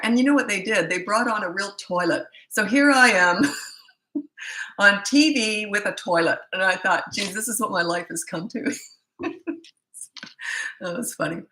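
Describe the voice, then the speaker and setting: Middle-aged woman, parenting coach; blunt, chatty, rambling asides; lower pitch, roomy echo. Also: sharp tone. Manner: blunt, chatty, frequent "anyway" asides and quick laughs. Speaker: parenting coach and channel host. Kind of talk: casual Q&A monologue with anecdotes. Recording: echoey room.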